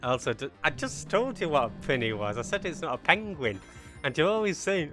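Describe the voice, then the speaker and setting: A man's voice: mid-range voice, sing-song, a little fast, pushed and bright. Mancunian man chatting over game music. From Manchester, England. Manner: rambling, jokey banter with chat, self-mocking. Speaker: game streamer. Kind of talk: casual live-stream chat while playing.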